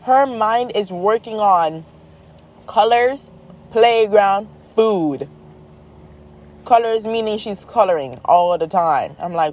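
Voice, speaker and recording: A woman talking casually about her children, exasperated and animated, acting out the quotes as she tells the story. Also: mid-range voice, unhurried. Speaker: mother, vlogger.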